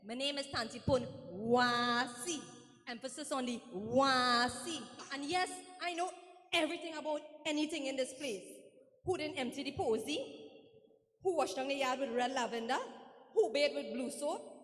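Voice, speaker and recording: A woman's voice: high-pitched, moderate pace, lightly acted. A woman playing a nosy Trinidadian village gossip. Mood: gossipy. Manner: chatty, rambling, dialect-heavy. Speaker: stage actor in comedy skit. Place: live stage in a hall. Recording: reverberant hall stage.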